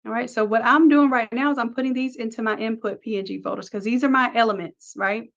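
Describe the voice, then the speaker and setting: Upbeat woman walking through software steps. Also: on the high side, fairly even intonation, fast talker, highs cut off. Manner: upbeat, talks through each click step by step. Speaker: design instructor. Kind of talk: screen-recorded software tutorial.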